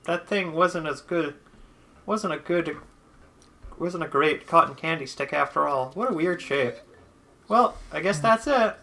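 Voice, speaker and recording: A woman's voice: low-pitched, measured pace, bright, forceful tone. A woman co-hosting a let's play, chatting casually and reading game text aloud in a playful, teasing way.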